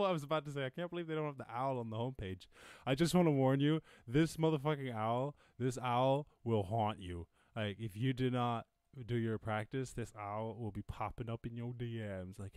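A man's voice: medium pitch, animated, fairly quick, a little mellow, dry recording. A man with an Irish accent hosting a casual lockdown live stream from home, rambling and joking with plenty of swearing. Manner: profane, jokey, rambling. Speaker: podcast host.

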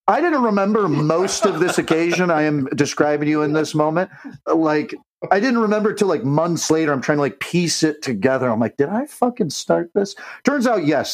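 A young man spins a rowdy, expletive-heavy anecdote as a podcast co-host. His voice sits a touch high and leaps all over the place as he acts out the other people in the story. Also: poor audio. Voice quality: profane, animated, acts out quoted voices. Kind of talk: casual storytelling.

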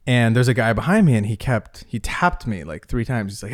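A man chatting on a podcast, rattling off a story at a quick clip. His voice sits at a middling pitch and sounds close and dry, with no room around it. He acts out what others said as he goes. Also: no room sound. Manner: fast, animated storytelling with quoted asides. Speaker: concert and sports photographer. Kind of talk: casual podcast chat.

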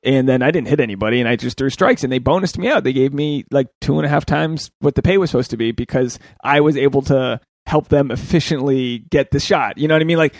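Animated storytelling man, dry sound. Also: mid-range voice, fast talker, hardly any pauses, no echo. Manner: animated storyteller, swears freely, acts out quotes. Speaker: podcast host. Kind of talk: casual podcast chat.

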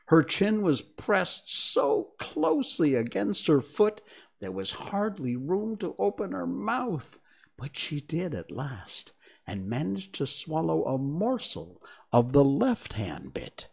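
A reader narrating a children's storybook in an expressive, lively way. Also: medium pitch, slow, creaky, slightly rough. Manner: expressive, slipped once on a word.

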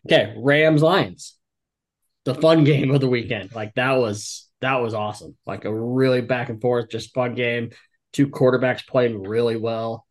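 A man co-hosting a sports podcast in casual chat, excitable and full of "like" and "um". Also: medium pitch, measured pace. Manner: excitable, leans heavily on "like" and "um". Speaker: podcast co-host.

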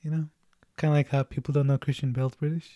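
A man co-hosts a relaxed movie chat, laughing easily and breaking off to restart his thoughts. His voice sits fairly high, and the recording is dry and close. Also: no room sound. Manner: chatty, laughing, halting restarts. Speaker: podcast co-host.

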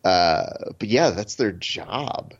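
Male podcast host, lower voice, slightly dull recording, sarcastic joker in casual chat. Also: expressive, slow. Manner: sarcastic, joking, rambling asides.

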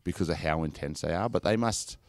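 Aussie bloke in his 30s, really deep voice, rambling laid-back yarns, dry close sound. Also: fairly quick, dry recording. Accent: Australian. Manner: laid-back storytelling, lots of "like" and "mate". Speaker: former professional footballer guest. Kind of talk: casual podcast chat.

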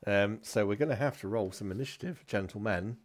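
A man running a tabletop game in a relaxed, chatty way, laughing often. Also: fairly low pitch, fairly quick. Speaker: game master.

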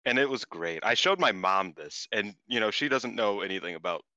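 A man co-hosting a casual wrestling chat, animated and swearing freely, acting out what others said. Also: lowish voice, fairly quick, no echo, muffled recording. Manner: animated, swears often, acts out quotes. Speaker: podcast co-host.

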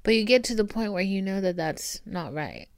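A woman's voice: medium pitch, big pitch swings, normal speed, no room sound. Profane, candid woman podcast host. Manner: candid and profane, warm pep-talk asides. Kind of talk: casual solo podcast monologue. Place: indoors at home with her dog. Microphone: camera recording.

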